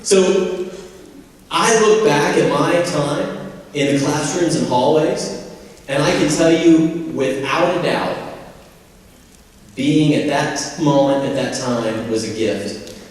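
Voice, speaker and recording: A man in his forties from Indiana, USA, speaks as a convocation speaker, giving a folksy, humorous motivational speech. His voice is fairly high and slow, and he pauses often. The recording was made from far off in an echoey hall.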